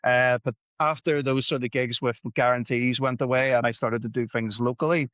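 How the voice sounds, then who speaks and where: A man appears as a podcast guest, a musician and gig promoter, rambling casually through stories with self-deprecating humor and acting out the lines of people he quotes. His mid-range voice holds a steady tone at normal speed and sounds a bit bright. The recording is dry and a little dull, with no room around it.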